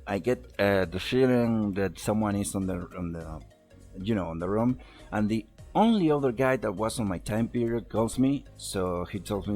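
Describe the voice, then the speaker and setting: A man's voice: on the low side, expressive, normal speed, darkish tone, soft background music. A young man telling a personal story on a voice call, rambling, swearing and laughing at himself. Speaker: podcast host telling a story. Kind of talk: casual storytelling over a voice call.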